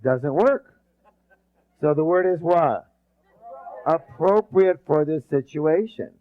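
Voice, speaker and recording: An energetic male trainer lectures a seminar room and keeps pulling the audience into call-and-response. His voice sits fairly high, and he rambles through restarts. The recording is dull and lo-fi. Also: slow. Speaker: leadership trainer.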